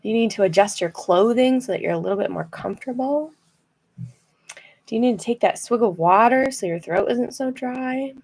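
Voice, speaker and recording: A woman leading a guided rest and relaxation practice from her chair, gentle and encouraging, laughing now and then and using fillers. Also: a little high. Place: seated in a chair.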